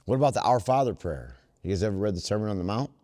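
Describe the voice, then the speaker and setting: A man speaking at a twelve step workshop, earnest and preacher-like, slowing down to stress his points. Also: lowish voice, animated, warm tone, in a large hall. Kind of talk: recovery workshop talk.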